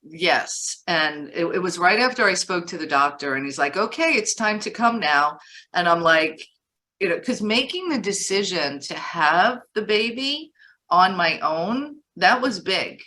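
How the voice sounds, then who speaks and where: A woman co-hosting a casual chat, telling stories in a lively, animated way. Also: lowish voice, a little slow. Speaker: co-founder and co-host.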